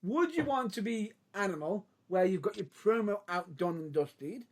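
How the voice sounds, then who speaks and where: A man talks in a lively, animated voice. He rambles and laughs. He keeps restarting his sentences as he chats with friends. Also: high-pitched, normal speed. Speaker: podcast co-host. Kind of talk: casual chat.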